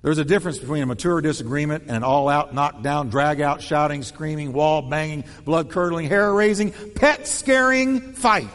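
A man preaching a sermon in an animated way, acting out quoted voices with shifting tone and pace. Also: a little high, a little fast, few pauses, long reverb tail. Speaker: pastor.

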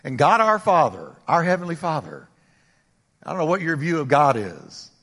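An older male pastor delivering a sermon, swinging between emphatic raised exclamations and quiet, intimate asides. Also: on the high side, big pitch swings, normal speed, in a large hall. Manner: preaching with rising emphatic exclamations.

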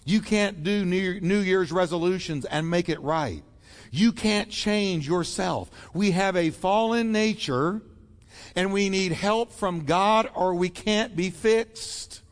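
A man's voice: high voice, takes it slowly, big-room sound. A man preaching a sermon as pastor, emphatic and acting out the voices he quotes.

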